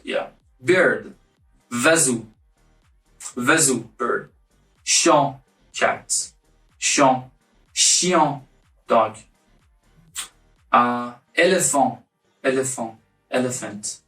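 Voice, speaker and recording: A man's voice: mid-range voice, pushed and bright. A man giving a casual online language lesson, repeating each word several times so viewers can copy it. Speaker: language teacher. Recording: echoey room, mic at a distance.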